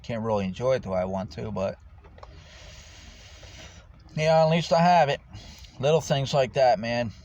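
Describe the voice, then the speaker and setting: A man's voice: mid-range voice, animated, moderate pace, long pauses, a little mellow. A man who is homeless, talking casually to the camera in a rambling, profane way about his life. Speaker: homeless vlogger. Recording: dull lo-fi with faint noise.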